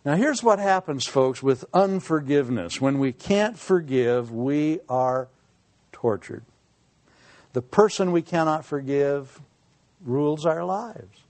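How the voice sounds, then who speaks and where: A man preaching a sermon in a folksy, humorous way, dropping quiet for serious points. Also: on the high side, lively intonation, takes it slowly. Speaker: pastor.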